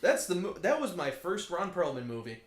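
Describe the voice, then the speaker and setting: A man co-hosting a podcast, retelling film scenes in an animated casual chat and swearing freely. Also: sits high, brisk. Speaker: podcast co-host. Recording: roomy echoey room.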